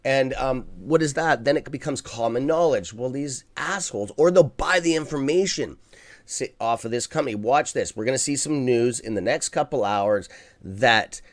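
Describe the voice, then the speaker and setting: Blunt, swearing stock-stream host. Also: male voice, mid-range voice. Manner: blunt, swears freely, talks straight to viewers; rambling with many restarts and "okay?" check-ins. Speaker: livestream stock trading host. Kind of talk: casual live market commentary.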